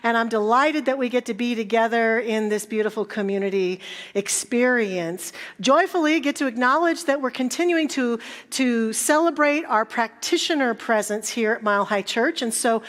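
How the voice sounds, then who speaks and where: A woman's voice: on the high side, moderate pace. A woman minister welcoming a church congregation and making announcements, chatty and joking, a little jet lagged. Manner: warm, joking, then reverent. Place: church sanctuary.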